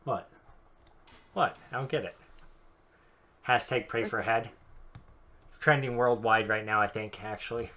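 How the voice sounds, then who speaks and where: A young man commenting casually on his game, joking and thinking out loud. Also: fairly low pitch, steady tone, unhurried, long pauses. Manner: joking, chatty, thinks aloud. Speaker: streamer.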